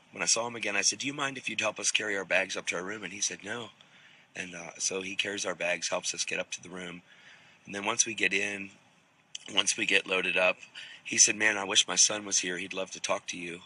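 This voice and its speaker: Man, Bible teacher, casual storytelling, rambling with restarts, low voice, slightly husky. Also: fairly even intonation, fast talker, pushed and bright, rough recording.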